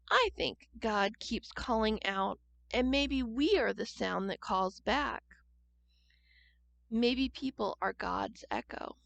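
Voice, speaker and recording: Slow, lively woman reading a children's story. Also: fairly high pitch, vocal fry, no echo. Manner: gentle and expressive, asking children questions. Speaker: church storyteller.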